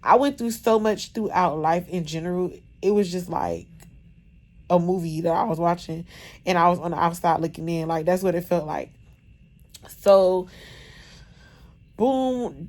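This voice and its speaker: Chatty woman recounting a birth, lower pitch. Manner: animated, chatty, lots of "like" and "bro". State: recovering after surgery, in discomfort. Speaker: vlogger. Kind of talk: casual storytelling to camera.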